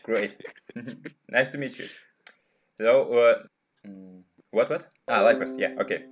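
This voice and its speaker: A man's voice: medium pitch, slow. A man hosting a casual group video call, talking hesitantly with many fillers, his voice distorted like a monster voice changer. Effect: distorted, monster-like voice changer sound. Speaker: host of an online discussion hangout. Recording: dull, faintly noisy call audio.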